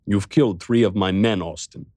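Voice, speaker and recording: A man's voice: lowish voice, moderate pace, darkish tone, no room sound, clean studio sound, lightly acted. A man voicing a rich and powerful madman who speaks sternly and scoldingly, with fear underneath.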